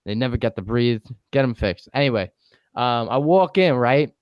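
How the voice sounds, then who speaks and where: A young man spins a relaxed, joking story for his podcast co-host, cursing freely and breaking into laughs. His voice is clear and smooth, and the recording is close and dry with no room sound. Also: mid-range voice, normal speed, no echo, muffled recording. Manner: laid-back storytelling, laughs often, swears. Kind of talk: casual chat.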